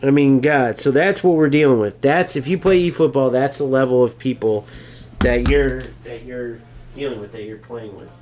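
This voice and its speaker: A man's voice: medium pitch, moderate pace, a little mellow. A young man, a gaming YouTuber, ranting in mocking, exasperated gameplay commentary.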